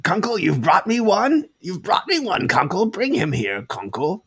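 A man's voice: high-pitched, huge pitch swings, moderate pace, a bit bright, husky, voice pushed up, full character voice. A man voicing a scheming male gnome wizard who talks in a smarmy, sing-song way. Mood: gloating.

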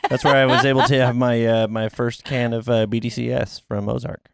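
A man's voice: medium pitch, little pitch movement, a little fast, vocal fry, clear, resonant tone, no room sound. A man hosting a podcast, chatting casually and rambling with lots of fillers. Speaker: podcast host. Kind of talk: casual chat.

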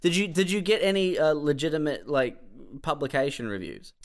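Smooth-voiced co-host. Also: male voice, a little high, big pitch swings, fairly quick. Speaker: podcast co-host. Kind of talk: casual chat.

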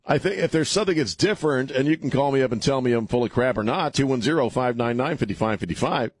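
A man's voice: mid-range voice, expressive, fast talker, slightly rough, no echo, studio quality. A middle-aged man hosting a call-in radio show, rambling and sarcastic as he restarts his sentences. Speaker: radio talk show host. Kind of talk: casual talk radio monologue. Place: radio studio.

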